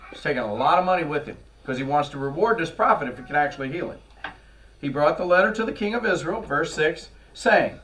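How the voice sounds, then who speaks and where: A man preaches to his congregation in a lively, storytelling way, slipping into the voices of the characters. His voice sits a bit high. The mic picks him up from a distance. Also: normal speed. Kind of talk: sermon. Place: church. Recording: voice from far off the mic.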